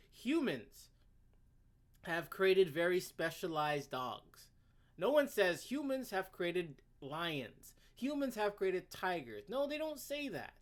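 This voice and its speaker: A man hosting a commentary video, reading a web page aloud and ranting about it in a sarcastic, exasperated way, stammering and restarting often. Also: sits high. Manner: sudden swings between loud outbursts and muttering.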